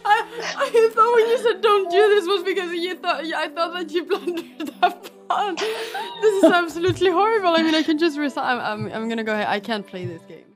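A young woman streaming chess, commentating her own games with excitable exclamations and frequent laughter. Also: very high voice, a little fast, soft background music.

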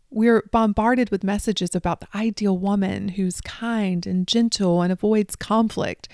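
A woman life coach hosting a solo podcast, talking straight to her listeners and dropping into soft asides. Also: medium pitch, no room sound, clean studio sound. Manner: addresses listeners directly, drops into soft asides.

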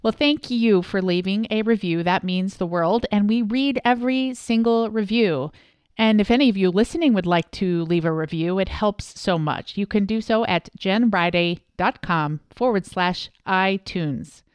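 A woman's voice: medium pitch, moderate pace, smooth, no room sound. A woman from Wisconsin hosting a podcast interview, upbeat and enthusiastic. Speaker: podcast host.

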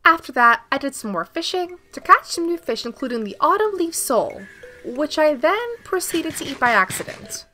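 A woman's voice: high-pitched, very animated, moderate pace, bright, forceful tone. A young woman, a gaming YouTuber, giving upbeat, playful scripted narration of her gameplay as a voice-over. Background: faint background music.

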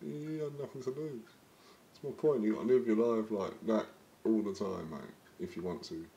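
A man's voice: on the low side, creaky, dark tone. A man with a British accent giving laid-back, casual reaction commentary. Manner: laid-back, slow and chuckling. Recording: background noise.

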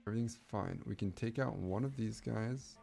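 A young man streaming a strategy game, talking to himself and chat, swinging from low muttering to excited yelling. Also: moderate pace, gravelly, faint music behind. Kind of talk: casual game commentary.

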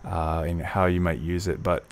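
A man tutoring test prep, reading passages slowly and then reasoning aloud through each answer with fillers and restarts. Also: deep voice, level tone, slight background noise. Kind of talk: walkthrough of test questions, thinking aloud.

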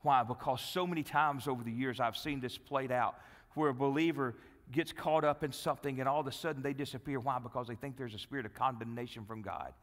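A male pastor preaching a sermon, telling a Bible story with dramatic swings from loud, lively delivery to hushed, pleading tones. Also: mid-range voice, fairly quick, big-room sound. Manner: dramatic storytelling, acting out Bible dialogue, dropping to hushed pleas. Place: church sanctuary.

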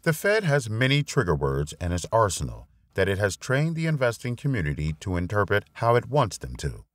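Male narrator, low voice, wry and expressive read, close-miked and dry. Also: brisk, dry recording. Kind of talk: reading a finance blog essay aloud.

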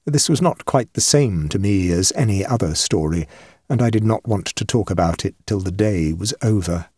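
Low, husky male storyteller. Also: dry recording, clean studio sound. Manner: measured and expressive. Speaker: audiobook narrator. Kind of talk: scripted narration of a ghost story.

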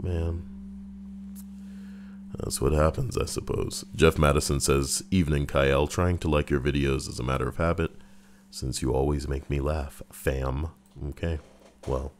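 A man's voice: a bass voice, darkish tone. A man streaming, chatting casually and joking as he reads viewer comments and a story aloud. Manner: joking and playful.

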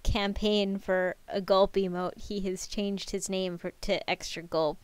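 A woman streaming live, chatting casually with her viewers and a friend, excitable and quick to laugh. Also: mid-range voice, smooth, no echo. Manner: giggly, excitable, talks to chat.

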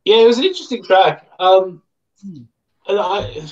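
A man's voice: high voice, very animated, moderate pace, highs cut off. An Australian man co-hosting a live music chat, giving thoughtful, hedging opinions. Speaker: co-host, music reviewer. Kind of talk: casual live-stream chat.

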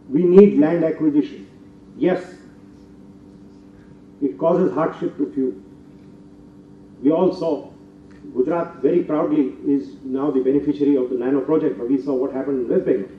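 An older man with an Indian English accent delivers a formal lecture in a fairly high voice, building to emphatic, forceful peaks. He sounds set back from the microphone in a roomy hall, and the recording is dull, with faint ambient noise. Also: steady tone, moderate pace, pauses often, far from the mic. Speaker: guest lecturer.

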